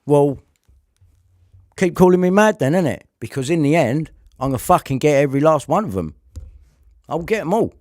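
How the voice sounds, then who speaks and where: A man's voice: fairly high pitch, animated, normal speed, pauses often, darkish tone, no echo, clean studio sound. A man delivering a heated, repetitive rant to camera, swearing often. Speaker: vlogger.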